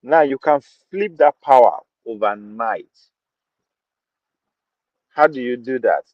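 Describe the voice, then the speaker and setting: Speaking slowly in a mid-range voice with no echo, a Nigerian-accented man hosts a podcast full of opinionated commentary. He drives his points home through repeated phrases and shifts into Pidgin. The sound is dull, dry and lo-fi.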